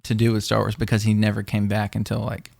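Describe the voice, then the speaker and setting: Gravelly guy chatting on a podcast, kinda monotone, rambles a lot, dry mic. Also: fairly low pitch, fast, no room sound. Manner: rambling, many fillers and restarts. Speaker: podcast co-host. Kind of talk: casual chat.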